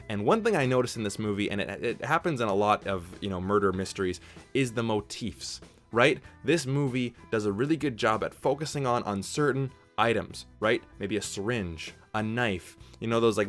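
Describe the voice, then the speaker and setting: A man's voice: medium pitch, a bit bright. A young man hosting a casual movie review vlog, talking enthusiastically in an informal, chatty way. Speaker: movie reviewer, channel host.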